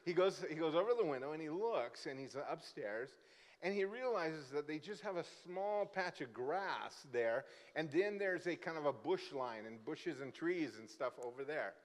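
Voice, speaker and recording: A man from Brazil preaches as a guest pastor and tells a comic story, acting out its people as he goes. His voice sits a little high for a man. The sound rings with the long reverb of a church hall. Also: normal speed. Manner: lively, joking storyteller who acts out the characters. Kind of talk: sermon with storytelling. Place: church sanctuary.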